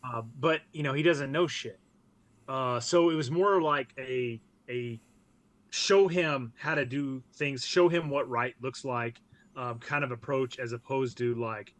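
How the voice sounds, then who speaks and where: Blunt, profane veteran guest. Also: male voice, mid-range voice, measured pace, a bit bright. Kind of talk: casual podcast interview.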